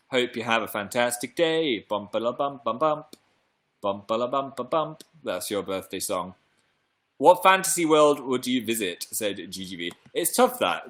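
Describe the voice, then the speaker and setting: A young Englishman hosts a casual livestream from a room at home. His voice is lowish with a fairly bright tone, and he rambles playfully while reading out comments from viewers.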